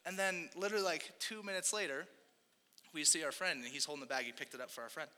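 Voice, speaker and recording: A young man delivers a sermon in a relaxed, conversational style, throwing in asides to his listeners. His voice sits high and sounds very bright. A long hall reverb trails behind him. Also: fast. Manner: casual, conversational preaching with frequent asides. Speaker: pastor.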